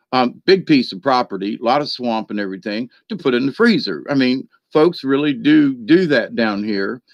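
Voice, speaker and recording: A man's voice: mid-range voice, creaky, dry recording. Chatty man rambling through a story. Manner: chatty, laughs often, many fillers and restarts. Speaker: spiritual card reader. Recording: dry, dull lo-fi sound.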